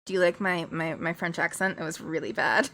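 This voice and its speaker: Relaxed, chatty woman streamer. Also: lowish voice, brisk, a little hiss or hum. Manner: relaxed, rambling, laughs easily. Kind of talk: casual chat.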